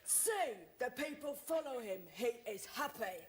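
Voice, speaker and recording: A woman's voice: fairly high pitch, animated, measured pace, slight background noise. An actress playing an earnest female chef who speaks in a solemn, declaiming way.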